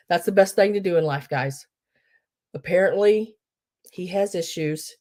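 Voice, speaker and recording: Woman, live-sale host, low warm voice, chatty and rambling. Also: unhurried. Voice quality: rambling, chatty storytelling with many fillers. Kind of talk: casual live-sale chat.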